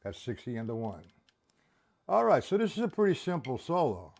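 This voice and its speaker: A man's voice: medium pitch, big pitch swings, normal speed, vocal fry, heavy background noise. A man teaching a live-streamed drum lesson, counting beats aloud and checking in with viewers.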